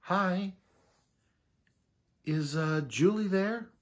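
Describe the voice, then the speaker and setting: A man's voice: high voice, extremely slow, voice pushed up, full character voice. A man voicing his nervous younger self phoning a girl to ask her out, stammering and hesitant.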